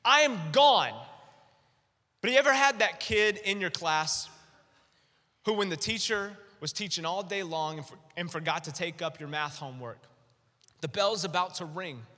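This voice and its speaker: A male pastor preaching a sermon with animated, emphatic storytelling. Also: high voice, moderate pace, in a large hall.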